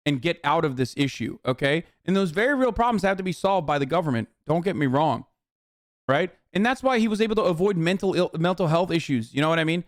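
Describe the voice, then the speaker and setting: A man with a high voice rants over a video he is reacting to, heated and profane, cursing in nearly every sentence. The sound is dry and close, with no room around it. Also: dry recording. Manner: heated, swears constantly, says "dude" often. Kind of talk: profane ranting commentary.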